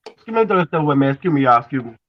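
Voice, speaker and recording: A man's voice: on the high side, sing-song, very fast, no room sound, dull audio. A man chiming in on a casual chat, laid back and laughing a lot.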